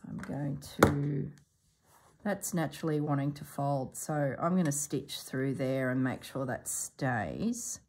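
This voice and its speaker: A woman hosting a sewing vlog who thinks aloud as she works, musing to herself in a soft, half-whispered voice. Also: sits low, takes it slowly, slight background noise. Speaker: sewing channel host.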